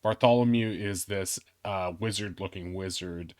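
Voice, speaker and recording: A man's voice: deep voice, steady tone, measured pace, dry recording, clean studio sound. A man hosting a tabletop game night, chatting casually in a rambling, self-mocking way that often trails off. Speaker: game host.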